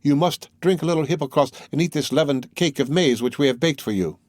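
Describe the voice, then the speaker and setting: A man voicing a simple, charitable woman who speaks in a gentle, coaxing, earnest way. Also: on the high side, brisk, no room sound, studio quality, natural voice.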